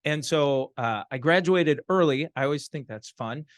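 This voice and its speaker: Friendly measured male interview guest. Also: a little high, no echo, studio quality. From Chicago area. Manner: friendly, measured, with frequent fillers. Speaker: guest, franchise consultant. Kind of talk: casual interview. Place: studio.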